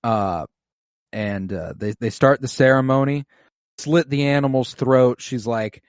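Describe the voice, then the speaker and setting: A man's voice: mid-range voice, dry recording. Male co-host, dry close mic, casual and profane, acts out lines as he recaps. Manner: profane, recaps scenes acting out lines in quick voices. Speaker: podcast co-host. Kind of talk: casual rewatch podcast chat.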